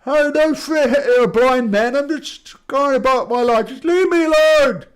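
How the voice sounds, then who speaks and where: A man voicing a blinded male giant who complains loudly in a raised, put-on voice. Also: measured pace, smooth. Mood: indignant. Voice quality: loud, high put-on voice. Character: blinded male giant, bullying then whiny.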